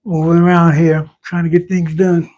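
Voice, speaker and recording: A man's voice: a little high, flat delivery, normal speed, a little mellow, highs cut off. A man, the host's husband, tossing laid-back remarks from across the room while he does chores. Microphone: hot mic.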